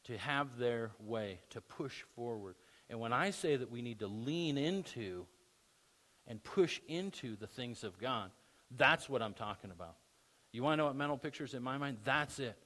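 A man's voice: medium pitch, lively intonation, moderate pace, a bit bright. A man preaching a sermon as pastor, conversational with emphatic bursts.

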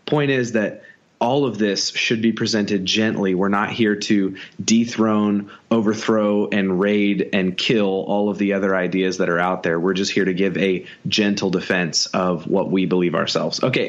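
A man's voice: lowish voice, a little slow, lo-fi sound. A man co-hosting a podcast in casual chat, earnest and self-deprecating with a joking streak. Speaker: podcast co-host.

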